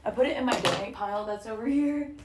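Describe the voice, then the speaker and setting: A young adult woman streams casually from her living room at home, swearing freely and reading viewer comments aloud as she braids her hair. She talks fast in a slightly high voice, and the recording is very noisy.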